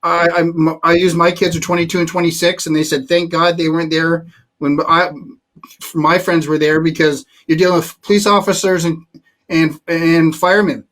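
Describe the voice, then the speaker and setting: A man's voice: fairly high pitch, level tone, fairly bright tone. A man in his fifties hosting a sports talk show, chatting casually, stopping and restarting and cracking jokes. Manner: halting, restarts, joking.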